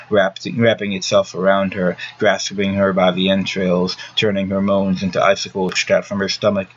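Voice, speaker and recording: A man narrating a gothic novel as an audiobook reader, reading at a steady, even pace. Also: fairly low pitch. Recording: dull lo-fi recording with faint hiss.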